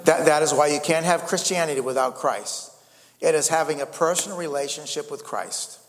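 A man preaching a sermon with a slightly high voice, in a loose, repetitive way, calling out "amen" and "friends" to his listeners. His voice rings with the long reverb of a large hall. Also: fairly quick. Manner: repeats words and restarts, calls out "amen" and "friends". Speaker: pastor.

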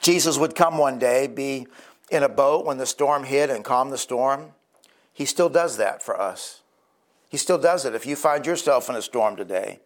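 A man's voice: medium pitch, normal speed. A male pastor preaching a sermon in an earnest, conversational storytelling way.

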